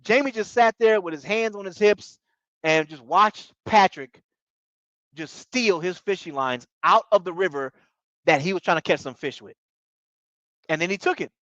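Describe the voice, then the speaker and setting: A man recapping a reality show in casual commentary, talking excitably in slang and tripping over his words. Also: sits high, normal speed, long pauses, dry recording, highs cut off. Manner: excitable, slangy, repeats bro, stumbles.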